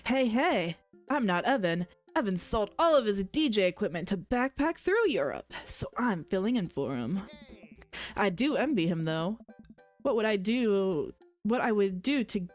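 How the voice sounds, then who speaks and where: A woman's voice: mid-range voice, very animated, a little slow, soft background music. A woman reading the lines of a wistful male stand-in DJ in a game, in her own voice.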